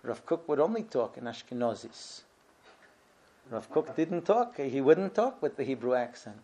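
A middle-aged man teaching a relaxed lesson on Jewish prayer law, talking it through step by step with frequent restarts. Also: medium pitch, normal speed. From Israel. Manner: conversational, restarts often, explains step by step. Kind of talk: informal Torah lesson.

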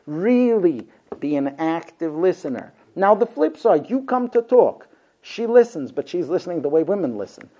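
A man's voice: high voice, sing-song, moderate pace, mellow, highs cut off. A man lecturing a class about marriage, animatedly acting out both sides of conversations.

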